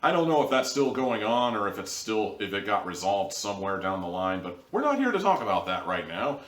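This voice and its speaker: A man's voice: lowish voice, big pitch swings, fairly quick, a bit bright, echoey room, distant mic. A man hosting a casual video review, rambling and wry in an easygoing way. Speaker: show host and reviewer.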